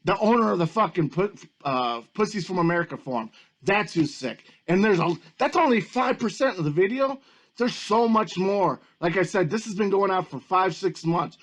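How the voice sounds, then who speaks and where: A man with a rather high voice, delivering a heated, profanity-laced rant. He talks in agitated bursts, restarting and repeating himself as he builds his case. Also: animated, normal speed, fairly bright tone. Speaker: YouTube commentator. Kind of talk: angry ranting commentary.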